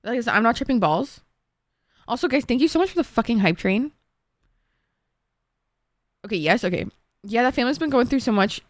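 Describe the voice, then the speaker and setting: A woman's voice: a little high, expressive, fairly quick, long pauses, no echo, clean studio sound. A young woman streamer chatting casually with her viewers, emotional and swearing freely. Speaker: live streamer.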